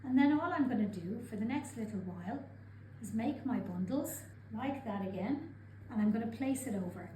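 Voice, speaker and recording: A woman calmly talking through each step of a craft demonstration as she works with her hands. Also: a little high, moderate pace, a little hiss or hum. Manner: calm, methodical, narrating her own actions. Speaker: craft instructor. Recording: roomy sound with clear background ambience.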